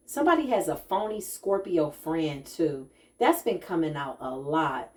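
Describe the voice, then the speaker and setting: Woman, low-pitched, spiritual tarot reader, casual chat, animated, says y'all. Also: moderate pace. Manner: animated, chatty, addresses viewers as y'all, laughs often. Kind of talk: casual spiritual reading to viewers.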